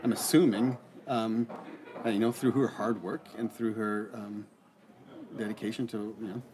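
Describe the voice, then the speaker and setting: A man's voice: on the low side, flat delivery, warm tone, slight background noise. A middle-aged man co-hosting a casual faith conversation, talking earnestly and often restarting his sentences. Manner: earnest, halting with frequent restarts. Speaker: co-host answering listener questions.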